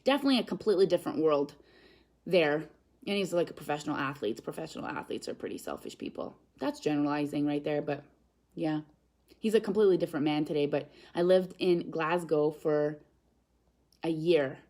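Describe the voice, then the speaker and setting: A woman, a guest on a live stream, chatting in an animated, upbeat way and reading viewer comments aloud. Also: deep voice, a little fast. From Canada. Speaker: guest speaker. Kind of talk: live-stream motivational chat.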